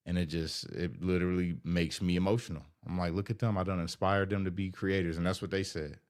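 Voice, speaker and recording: A man's voice: low-pitched, flat delivery, fairly quick, a little mellow. A middle-aged man, a vlogger, talking in an earnest, emotional, rambling way to his viewers, often saying "you know". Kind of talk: heartfelt casual talk to viewers.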